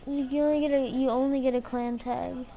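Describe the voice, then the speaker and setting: A woman's voice: sits high, level tone, brisk, gravelly, warm tone. A young woman casually chatting with a friend while streaming a shooter game, exclaiming and laughing at plays. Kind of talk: casual gameplay chat.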